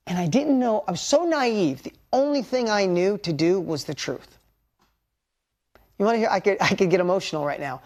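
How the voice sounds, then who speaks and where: Emotional, candid male motivational speaker. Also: high voice. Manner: candid storytelling with rising emotion and emphatic lessons. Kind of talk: motivational talk to an audience.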